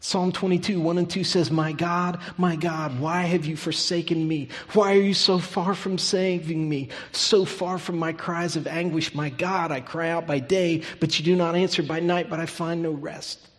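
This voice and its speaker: A pastor preaching a sermon, his delivery swinging from loud emphatic peaks down to hushed, near-whispered lines. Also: fairly high pitch, fairly even intonation, normal speed, hardly any pauses, big-room sound.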